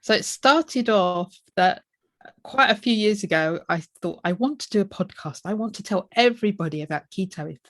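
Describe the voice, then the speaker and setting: A woman's voice: mid-range voice, expressive, normal speed, dry recording. A middle-aged woman answering interview questions in an easygoing, matter-of-fact way. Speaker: podcast co-host, guest. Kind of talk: casual interview chat.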